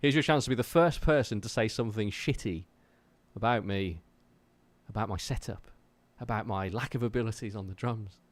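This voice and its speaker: A man's voice: lowish voice, fairly quick, no room sound. A man from Wolverhampton with a faint West Midlands accent, chatting casually with viewers on a livestream from his home drum room in a jokey, self-deprecating way. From Wolverhampton, England. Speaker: drummer streaming his practice.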